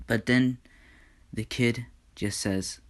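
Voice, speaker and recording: A man narrating an improvised fan story in a dramatic, hesitant way, slipping into hushed whispers. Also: medium pitch, fairly even intonation, takes it slowly.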